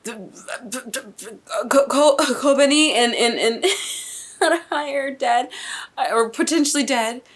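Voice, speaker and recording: A woman's voice: high voice, slow pace. A woman hosting an anime reaction, reacting live with stunned questions, exclamations and free swearing.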